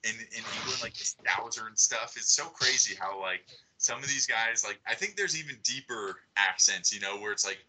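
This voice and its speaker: A man's voice: lowish voice, normal speed, pushed and bright, husky, rough recording. A young man chatting casually as a podcast guest, swearing freely and full of likes and you-knows. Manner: swears a lot, laid-back filler-heavy talk. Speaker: podcast guest, jiu-jitsu competitor.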